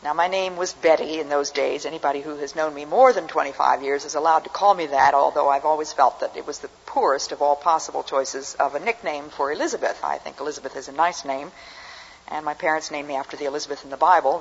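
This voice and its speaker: Older woman speaker, husky voice, dry humor, muffled recording, long hall reverb. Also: sits low, fairly even intonation, fast talker. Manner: dry, humorous anecdotal delivery. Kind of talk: storytelling talk to an audience.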